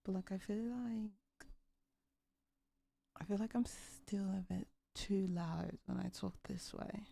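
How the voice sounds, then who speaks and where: Slow-talking young woman streamer. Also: mid-range voice, creaky, warm tone. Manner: chatty, greets viewers and asks them questions. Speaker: livestreamer. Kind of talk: casual livestream chat.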